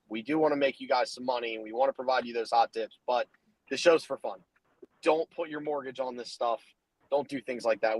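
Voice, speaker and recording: A man hosts a casual betting podcast while driving. He talks loose and hyped, rambling and restarting with fillers. His voice is dry and close, with a middle pitch. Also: dry recording, rough recording. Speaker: podcast host.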